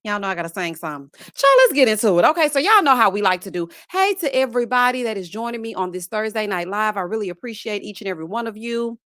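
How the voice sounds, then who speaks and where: A woman's voice: medium pitch, big pitch swings, fast talker, hardly any pauses, fairly bright tone, no echo, studio quality. A woman hosting a casual live stream, greeting viewers one by one and making sassy, playful asides. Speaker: livestream host.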